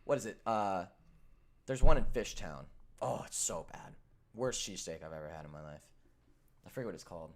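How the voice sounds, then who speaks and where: A man from Minnesota co-hosting a sports show, chatting casually and telling animated stories. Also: low voice, fairly quick, pauses often. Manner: animated storytelling, acts out quoted voices. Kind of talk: casual chat.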